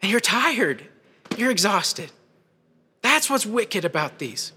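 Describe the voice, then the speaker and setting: Young male campus preacher, high, bright, animated sermon, hall reverb. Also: takes it slowly, slight background noise. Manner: animated, conversational, shouts at peaks.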